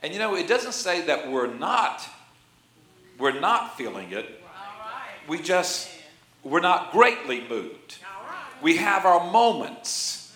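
In a somewhat high, pushed and bright voice, a man in his sixties delivers a sermon as pastor, keeping it folksy and chatty with jokes and plenty of amens. The church sanctuary gives the sound a roomy echo.

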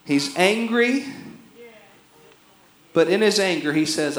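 Preacher, man, high voice, echoey room, impassioned sermon delivery. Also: lively intonation, slow. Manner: impassioned preaching, swings from shouting to hushed. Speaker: pastor.

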